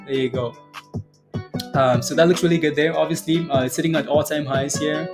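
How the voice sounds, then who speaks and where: A man with a slightly higher-than-usual voice hosts a day-trading livestream in a loose, casual way. He gets excited easily and repeats prices over and over to his viewers. Faint guitar music plays behind him. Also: fairly quick.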